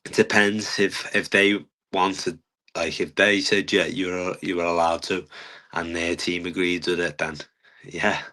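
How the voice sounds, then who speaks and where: Deep, flat-voiced young man. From England. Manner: earnest, halting with many fillers. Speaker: guest fighter. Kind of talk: casual interview talk.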